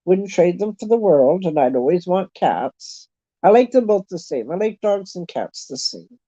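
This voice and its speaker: A Canadian woman in a casual chat, talking in a chatty, self-deprecating way and thinking out loud. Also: on the low side, very animated, normal speed, no room sound. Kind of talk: casual chat with online viewers. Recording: dull lo-fi sound.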